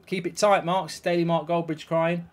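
A man commenting live on a football video game, swearing and reacting loudly to each play. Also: a little high, flat delivery, moderate pace. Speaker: YouTube gaming host.

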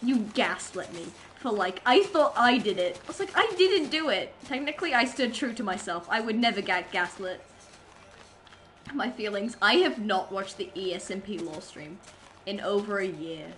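Giggly and self-mocking, a woman livestreamer rambles through casual talk with her audience as she plays. She speaks at medium pitch and moderate pace in a slightly bright voice, and the low-quality recording carries a little hiss or hum.

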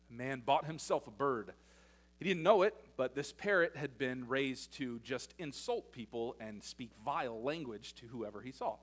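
A man preaching a sermon as pastor of a church, retelling stories with his loudness swinging between emphatic and hushed. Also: mid-range voice, animated, moderate pace.

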